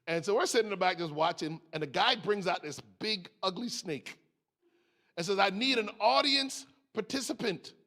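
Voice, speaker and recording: Animated man telling a sermon story. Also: high voice, moderate pace. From United States. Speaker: speaker.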